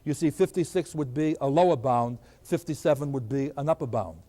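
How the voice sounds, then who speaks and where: An older man with a warm, mid-range voice teaches arithmetic at a board in a lecture room, talking fairly quickly and answering his own questions. The recorded class lecture carries a long hall reverb.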